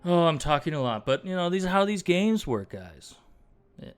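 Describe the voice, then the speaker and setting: A man's voice: high-pitched, sing-song, moderate pace, clear, resonant tone, soft background music. Playful man commenting on a game. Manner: playful, amused. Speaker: gaming channel host.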